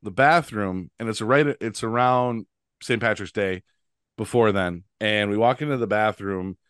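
A man hosts a podcast in easy, casual chat. He rambles through a funny road story, laughing as he goes and starting sentences over. His voice is smooth and resonant, and the recording is dry and close. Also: fairly low pitch, a little slow, a bit bright, no echo. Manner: rambling storyteller, laughs often, many restarts. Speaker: podcast host.

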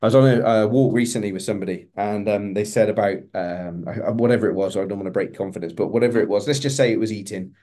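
A middle-aged man speaks as a coach in a motivational talk, earnest and emphatic, often repeating words to drive a point home. His voice sits a little low, with a warm, mellow tone. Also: fast talker, few pauses.

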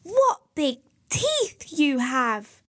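A woman voicing a young girl in a red hood, speaking high and slowly. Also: big pitch swings, a little mellow, dry recording, full character voice. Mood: alarmed.

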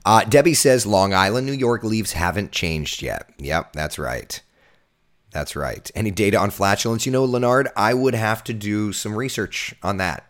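A man with a hoarse, recovering voice, hosting a casual live weather chat and reading out viewer comments. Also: fairly low pitch, moderate pace. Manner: chatty, jokey, reads out viewer comments.

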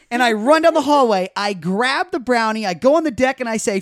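A man hosting a podcast in a studio, telling stories in a lively, profane way and acting out the scenes. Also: very high voice, fast talker, smooth, no echo. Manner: animated, profane, acts out scenes. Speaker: podcast host. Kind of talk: casual podcast storytelling.

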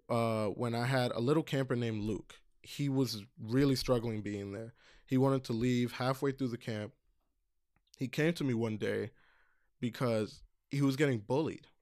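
A man's voice: medium pitch, measured pace, a little mellow, no echo, studio quality. A man casually telling a heartfelt personal story, earnest, with frequent fillers and restarts. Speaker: storyteller recalling camp counseling.

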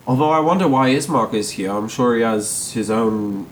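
A man's voice: medium pitch, normal speed, a little hiss or hum. A man running a tabletop game as game master, narrating loosely and rambling at times.

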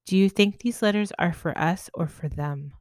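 A woman's voice: fairly low pitch, moderate pace, no room sound, natural voice. A woman voicing a young woman spirit who is thoughtful, hesitant and fearful. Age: young adult.

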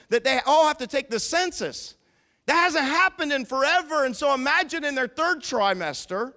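A male pastor with an extremely high-pitched voice preaches emphatically. He poses questions to his listeners and swings between hushed and loud.

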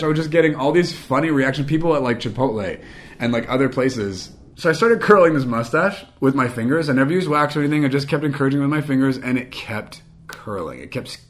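Animated man telling a rambling story. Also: medium pitch. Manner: animated, rambling, self-mocking. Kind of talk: casual anecdote.

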